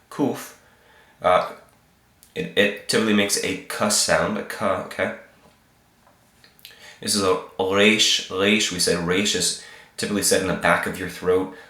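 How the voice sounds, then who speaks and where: Low-voiced guy with a cold teaching letters, patient, says okay a lot, echoey room. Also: a bit bright. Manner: patient, repeats each sound, frequent "okay?" check-ins. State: sick, slightly hoarse. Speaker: Hebrew teacher. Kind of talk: informal alphabet lesson.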